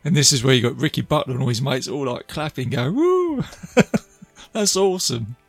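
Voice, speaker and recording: A man's voice: mid-range voice, fairly even intonation, fairly quick, vocal fry, slightly rough, no echo. A man casually retelling a film's scenes, chatty and laughing as he goes. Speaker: film reviewer. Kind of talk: casual film recap.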